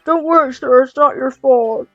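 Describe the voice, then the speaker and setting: Woman doing a high, eager young detective dude, stammery, lo-fi and dry. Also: normal speed, a bit bright, no room sound, faint music behind. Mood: earnest. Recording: dull dry lo-fi recording.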